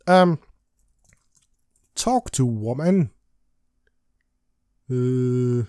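His voice sits on the high side, a little mellow, with lively intonation as he takes things slowly. The man hosts a let's play of an old adventure game, reading its text with giggles, singing, and silly emphasis, recorded in studio quality without echo.

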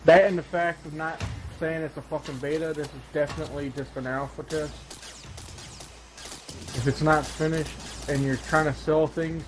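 A gaming channel host with a slightly high voice plays a video game and commentates casually over background noise. He's sarcastic and ranting, swearing often.

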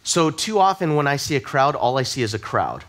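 A man's voice: mid-range voice, big pitch swings, fairly quick, fairly bright tone. A man preaching a sermon as a pastor, telling personal stories in a conversational, self-deprecating way and often repeating words as he starts a sentence. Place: church service.

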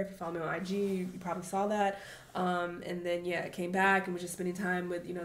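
A woman making online reaction videos, speaking candidly to her viewers in casual slang with swearing. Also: lowish voice. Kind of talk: casual talk to camera. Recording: echoey room.

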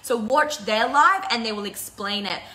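Chatty woman with a bright, echoey voice. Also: a little high, moderate pace. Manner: emotional, laughing through tears, chatty. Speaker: break-up counsellor and channel host. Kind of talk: casual talk on a live video.

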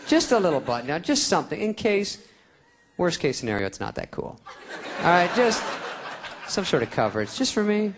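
A man's voice: sits high, very animated, normal speed, a little hiss or hum. Sarcastic male stand-up comic. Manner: sarcastic, self-mocking. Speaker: stand-up comedian. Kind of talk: stand-up comedy. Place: theater stage before an audience. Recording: live concert recording with crowd. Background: audience laughter.

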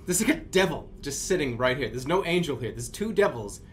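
A male streamer talks to his live audience in an agitated, rambling way and curses often. His voice sits a little high for a man. A faint background hum runs behind him. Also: sing-song, a little fast. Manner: flustered, agitated rambling with profanity.

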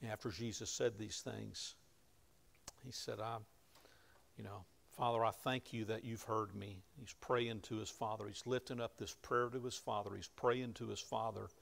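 A man preaching a sermon, retelling scripture in plain conversational words and rising to loud emphasis at key moments. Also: lowish voice, steady tone, normal speed, creaky. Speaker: pastor.

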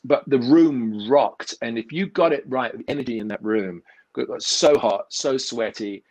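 A middle-aged man with an English accent that has drifted a little toward Canadian, chatting as a guest in a relaxed way, telling stories with frequent restarts. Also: medium pitch, moderate pace, rough recording. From England. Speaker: magician and actor guest. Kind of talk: casual chat.

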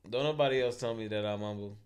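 Low-voiced, mumbling podcast co-host man. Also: fast, a little mellow, clear, resonant tone. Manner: low-key, often drops to a mumble. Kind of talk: casual chat.

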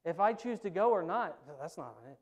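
A man preaching a sermon in church, telling stories in an animated, emphatic way. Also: sits high, brisk. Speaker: pastor. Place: church sanctuary.

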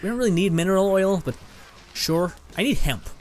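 A man's voice: sits high, brisk, a little mellow. A young man from Canada giving casual, rambling let's-play commentary, laughing often and swearing casually as he plays. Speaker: gaming video host. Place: home room with green screen and lights.

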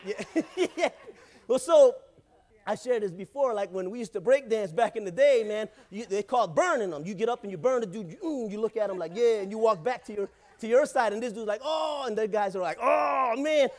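A man's voice: high voice, expressive, a little fast, a little mellow. A male pastor preaching a sermon in church, in a casual, joking way, often calling out to the congregation.

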